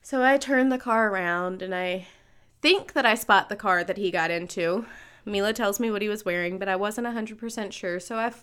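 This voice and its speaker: A woman's voice: mid-range voice, normal speed, a bit bright, clean tone. A woman in her thirties co-hosting a podcast, telling a personal story in casual chat and acting out the voices she quotes. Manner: conversational, acts out quoted voices. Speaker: podcast co-host.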